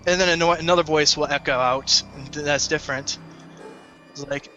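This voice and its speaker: A man runs a tabletop game, describing scenes with a bright, forceful tone. His voice sits a little high, and he halts now and then to find words. Faint music plays behind him. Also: muffled recording. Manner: descriptive, halting with fillers. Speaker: game master.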